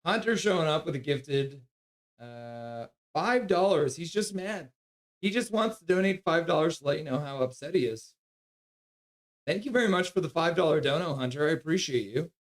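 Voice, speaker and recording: A man hosting a live hockey stream, calling the play, reading chat and cooing at his dog in soft baby talk. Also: a little high, animated, moderate pace. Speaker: streamer host.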